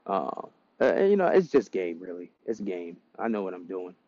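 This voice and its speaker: Male advice host, low gravelly voice, mellow tone, profane rambling delivery, muffled lo-fi audio. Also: big pitch swings, normal speed, no room sound. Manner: blunt, profane, rambling storytelling. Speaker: dating advice podcaster. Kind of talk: casual monologue.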